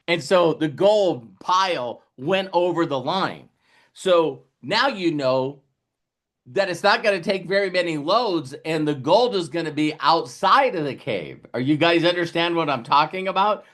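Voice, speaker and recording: A man's voice: on the high side, unhurried. A man giving a motivational business talk, telling a story with lots of repeated words and restarts, acting out what people say. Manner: animated storytelling, acting out quotes. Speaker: business coach.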